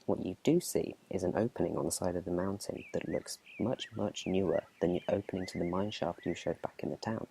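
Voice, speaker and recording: A man running a tabletop game as game master, narrating in a relaxed, chatty whispered role-play. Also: low voice, brisk, vocal fry, hardly any pauses, a little hiss or hum.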